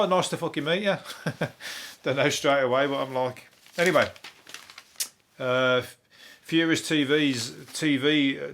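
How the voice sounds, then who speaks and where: Chuckling as he goes and cursing without restraint, an English comedian hosts his podcast in loose, rambling chat. His voice is of ordinary male pitch with a slightly bright quality.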